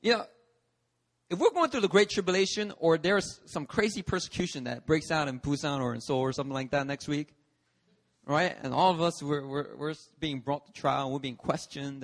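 Guy pastor preaching, fairly high voice, punchy storytelling, big echoey church hall. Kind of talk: sermon. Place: church service. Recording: long reverb of a church hall.

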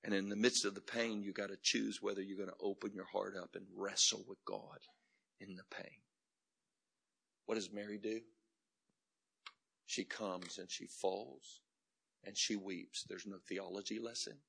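A man preaching a sermon as pastor, building from quiet reflection to shouted climaxes in a rhythmic, repetitive cadence. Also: fairly low pitch, little pitch movement, measured pace, gravelly, pauses often, breathy edge.

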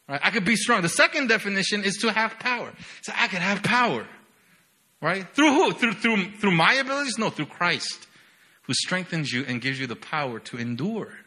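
A young man delivers a sermon in a fairly high, bright, forceful voice. He is full of energy and keeps checking in with "right?". He moves between loud bursts and quiet, low passages. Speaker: preacher.

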